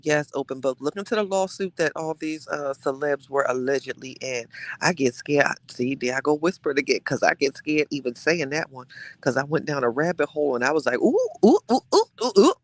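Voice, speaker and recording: A man hosting a live-streamed gossip show, chatting casually with his viewers in an animated, dramatic way and dropping into hushed asides. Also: fairly high pitch, dry recording.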